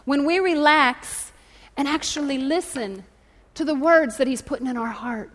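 A woman pastor preaching a sermon, telling stories with lively asides and calling out to the congregation in a church. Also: high-pitched, normal speed, faint music behind. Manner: animated storytelling with audience call-outs. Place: church hall. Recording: echoey hall.

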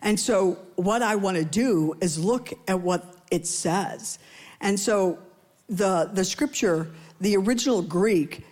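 A woman's voice: slow, a little mellow. Woman preaching conversationally. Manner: conversational, playful asides to the congregation; acts out quoted voices with rising pitch. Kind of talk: sermon.

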